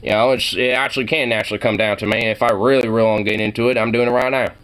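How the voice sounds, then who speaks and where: A man's voice: mid-range voice, fairly even intonation, racing, a bit bright, clean tone. A man from Oregon giving casual reaction commentary, rambling, swearing freely and laughing often. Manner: rambling, profane, laughs a lot. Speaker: reaction video host.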